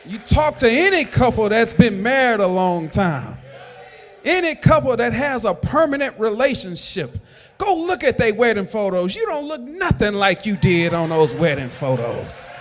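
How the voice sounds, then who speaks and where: A man with a strikingly high voice preaches a sermon. His delivery is emphatic, and it builds into shouted lines. A long church reverb trails each phrase. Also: sing-song, moderate pace. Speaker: pastor. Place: church sanctuary.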